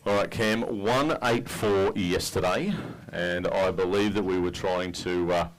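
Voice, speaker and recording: An Australian man with a somewhat low voice works a fishing tournament weigh-in outdoors. He keeps the banter matey and upbeat as he calls out anglers' names and bag weights into a handheld mic. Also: a little slow, slight background noise, low-quality recording. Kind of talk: live weigh-in commentary. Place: outdoors at a boat ramp.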